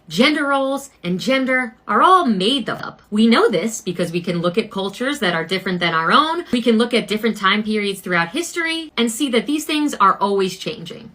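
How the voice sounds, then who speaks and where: A woman's voice: medium pitch, pushed and bright. A woman giving sarcastic, emphatic video commentary.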